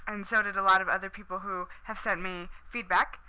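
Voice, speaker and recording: A woman's voice: mid-range voice, steady tone, a little fast, pushed and bright, smooth, poor audio. A woman casually recapping a TV episode, chatty and enthusiastic, with lots of "um" and "like".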